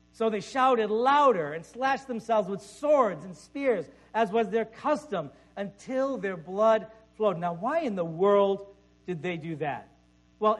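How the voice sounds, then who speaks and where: Guy preaching, pretty high voice, chatty, keeps saying right?, bit of hum in the background. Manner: conversational preaching with frequent "right?" asides. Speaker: pastor. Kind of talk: sermon.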